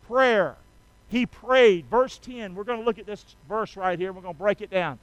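A man's voice: high voice, normal speed, no echo, highs cut off. A man preaching a sermon, folksy and full of rhetorical questions to the congregation. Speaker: pastor.

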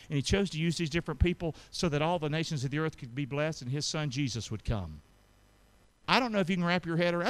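A man preaching a sermon, calling out to the congregation for responses and swinging between loud emphasis and quiet asides. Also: high voice. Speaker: pastor.

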